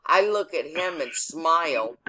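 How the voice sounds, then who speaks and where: Slow-talking blunt woman telling a story. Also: sits low, expressive, a crowd in the background. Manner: blunt and profane. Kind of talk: casual storytelling.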